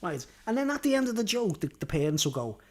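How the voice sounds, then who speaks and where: A man's voice: high-pitched, very animated, fast talker. A man, rambling through a monologue and constantly tacking on "right?" and "you know what I mean?", blunt and sweary, with chuckles. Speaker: vlogger.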